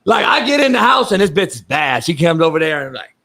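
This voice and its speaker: A man hosting a sports talk show, ranting loudly and profanely, often breaking into shouts. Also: a little high, sing-song, fast, creaky. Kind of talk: heated sports talk banter.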